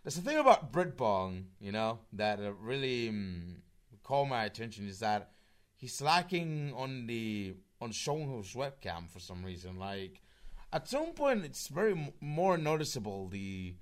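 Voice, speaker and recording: A man's voice: mid-range voice, big pitch swings, measured pace. Rambling, swearing young man. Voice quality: slurry voice. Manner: rambling, restarts, heavy swearing. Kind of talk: casual online group chat.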